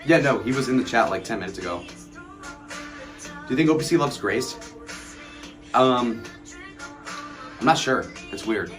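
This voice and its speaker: A man in his twenties chatting on a late-night livestream, rambling, swearing and mocking people while he answers chat. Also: on the low side. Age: 20s. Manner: rambling, profane, mocking storytelling; reads and answers chat messages aloud.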